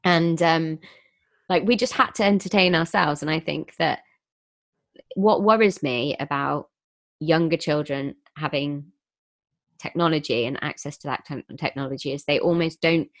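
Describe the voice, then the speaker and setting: A young woman with a notably deep voice hosts a casual podcast chat. The sound is dry, with no room around it. She talks in a thoughtful, reflective way. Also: normal speed, dry recording. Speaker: podcast host.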